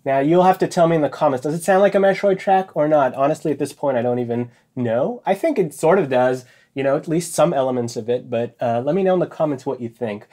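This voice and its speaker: A young man talking casually as he works in his home music studio, thinking out loud about each step of composing. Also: on the high side, quick pace, few pauses. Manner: relaxed, thinking aloud while composing. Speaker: music composer and video host. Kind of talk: casual studio vlog narration.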